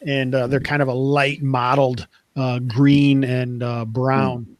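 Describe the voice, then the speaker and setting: A man running a tabletop game at an ordinary middle pitch, his voice close and dry with no room around it. He describes scenes in a loose, chatty way, full of fillers. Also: flat delivery, slow, no echo, poor audio. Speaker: game master.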